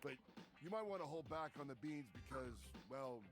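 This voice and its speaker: A man's voice: fairly high pitch, animated, normal speed, close to an everyday voice. A man voicing a teasing, wisecracking talking fridge in a dating game. He jokes affectionately, with music playing behind. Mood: playful. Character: flirty, wisecracking talking fridge named Freddy.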